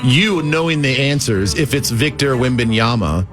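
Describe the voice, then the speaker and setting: A man's voice: mid-range voice, lively intonation, normal speed, music in the background. A man co-hosting sports radio, chatty and earnest. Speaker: radio co-host.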